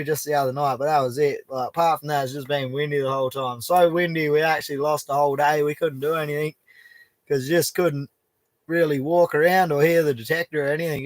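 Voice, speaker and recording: A man's voice: a little high, no echo. An Australian man hosting a casual live stream from an outback bush camp, greeting viewers by name in a laid-back, matey way. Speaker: livestream host.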